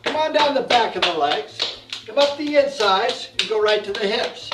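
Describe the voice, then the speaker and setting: A man leading a guided exercise class, calm and encouraging as he counts out the moves. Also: sits high, moderate pace, heavy background noise. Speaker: fitness instructor. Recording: echoey room, mic far off.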